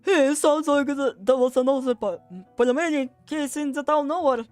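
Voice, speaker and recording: A woman's voice: sits high, fairly even intonation, moderate pace, a little mellow, no echo, faint music behind. A woman streaming a game, chatting casually in rambling talk with many fillers and frequent swearing.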